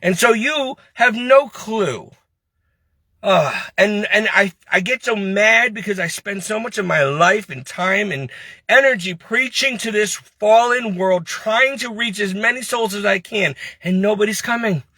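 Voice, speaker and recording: A man's voice: high voice, unhurried, sharp tone, dry recording. A man venting in a heated, preachy monologue, scolding and then complaining with frustration. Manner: frustrated, self-pitying. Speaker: lay preacher.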